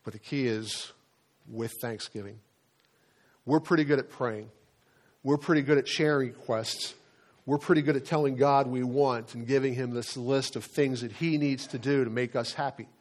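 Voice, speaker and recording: A middle-aged man preaching a sermon as a pastor, telling stories in a relaxed, conversational way and often repeating words as he goes. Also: medium pitch, moderate pace.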